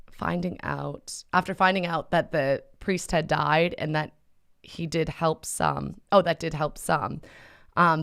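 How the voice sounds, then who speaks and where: A woman hosting a casual question-and-answer video, talking gently and conversationally with frequent fillers and restarts. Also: deep voice. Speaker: host answering viewer questions; mother. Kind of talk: casual spoken Q&A.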